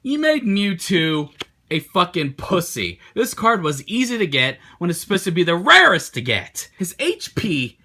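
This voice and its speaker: A young man from Maryland telling a casual vlog story, excitable and swearing a lot, his loudness swinging widely. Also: high-pitched, unhurried. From Maryland, USA. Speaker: vlogger. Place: childhood home.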